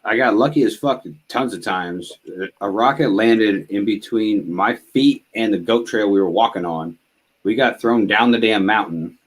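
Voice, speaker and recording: A man's voice: fairly low pitch, unhurried. A man hosting a casual podcast chat, joking and swearing as he trades war stories. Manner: joking, profane banter. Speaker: podcast host and veteran.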